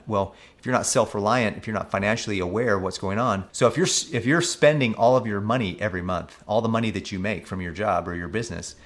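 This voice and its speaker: Male financial coach, slightly low pitch, casual skeptical commentary, reads out figures. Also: fairly bright tone. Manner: mocking when quoting officials. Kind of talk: casual commentary on news articles.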